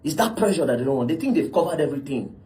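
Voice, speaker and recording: A man with a Nigerian accent giving casual commentary, animated and addressing viewers as bro, slipping into Pidgin. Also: on the high side, rapid-fire.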